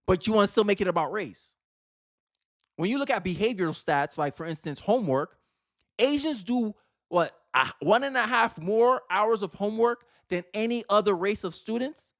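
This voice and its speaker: A man's voice: high voice, expressive, normal speed, fairly bright tone, no room sound, studio quality. A man hosting a reaction commentary, talking in an emphatic, argumentative way and repeating phrases for effect. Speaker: commentary host.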